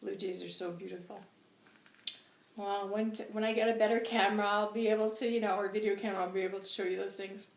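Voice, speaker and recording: A woman's voice: medium pitch, fairly even intonation, fast, gravelly. Woman host, rambling casual chat, sore dry throat, echoey room, mic set back. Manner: chatty, rambling, self-deprecating. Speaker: host of a channelling show. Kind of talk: casual spiritual reading chat. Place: room at home by a window. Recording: roomy, distant mic with faint noise.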